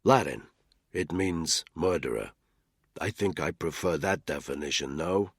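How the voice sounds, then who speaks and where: A man's voice: very deep voice, animated, no room sound, studio quality, full character voice. Man doing Kleinman, a cool lecturing handler. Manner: measured, curt, lecturing. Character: cool aloof lecturing male intelligence handler.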